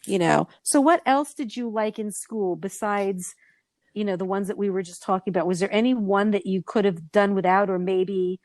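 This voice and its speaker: Middle-aged female podcast host, chatty and expressive, recorded dry and close. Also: medium pitch, moderate pace, no echo. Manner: animated storyteller, acts out quoted voices. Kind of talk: casual chat.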